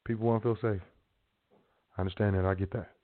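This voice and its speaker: Hosting his own show, a man from Chicago's South Side rambles through casual advice in loose, slangy talk. His voice sits a little low, his tone is steady, and he speaks fast. The audio sounds thin and boxy, like a phone line.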